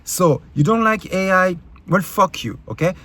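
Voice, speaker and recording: A man with a French accent, a YouTube creator, ranting in a heated, sarcastic and profane way, with many halting fillers and restarts. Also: high-pitched, expressive, a bit bright. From France. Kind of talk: ranting vlog commentary.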